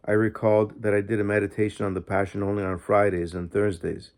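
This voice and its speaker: A man's voice: lowish voice, level tone, quick pace, a little mellow. A man narrating a diary in the first person, reading steadily and earnestly as an audiobook narrator.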